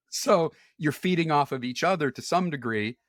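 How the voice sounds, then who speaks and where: A man's voice: a little high, expressive, moderate pace, no echo, studio quality. A man talking as a podcast guest in candid, conversational chat. He is frank, often repeats words and restarts, and laughs easily.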